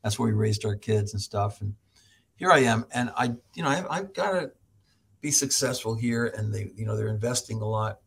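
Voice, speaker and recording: A middle-aged American man, a professor, telling stories as a podcast guest, animated, laughing often and acting out other people's voices. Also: fairly low pitch, normal speed, creaky, slightly rough. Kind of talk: storytelling in an interview.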